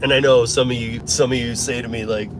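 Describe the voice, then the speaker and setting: A man's voice: medium pitch, steady tone, a little fast, noisy background. A middle-aged man from Michigan with a Michigan accent, chatting casually on a live stream while driving, rambling and restarting his sentences. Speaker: delivery driver livestreamer. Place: inside a vehicle. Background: music playing.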